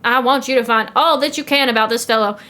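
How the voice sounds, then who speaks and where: A woman's voice: a little high, quick pace, sharp tone. A woman voicing a pompous, domineering older male newspaper editor in a put-on accent. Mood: blustering.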